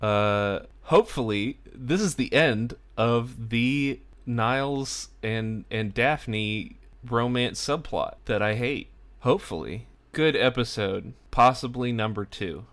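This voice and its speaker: A man's voice: mid-range voice, slow, few pauses, fairly bright tone. A young man casually recapping a sitcom episode for his vlog, chatty and full of "like" asides. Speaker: TV episode reviewer.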